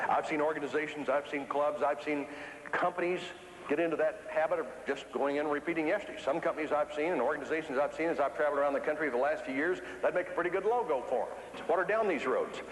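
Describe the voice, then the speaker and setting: A man from the Ozarks, giving an animated, folksy keynote speech to an audience in a large hall. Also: on the high side, a little hiss or hum. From Ozarks, USA. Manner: folksy, animated storytelling with repetition for emphasis. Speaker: motivational speaker. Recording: echoey hall with long reverb.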